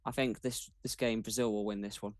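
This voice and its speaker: Measured man talking football. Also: on the low side, steady tone, no room sound. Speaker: guest pundit. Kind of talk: casual sports chat.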